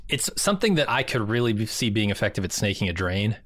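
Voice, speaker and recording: A man's voice: fairly low pitch, very animated, fast talker, a bit bright, no room sound. A man co-hosting a podcast in casual chat, wry and joking. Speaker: podcast co-host.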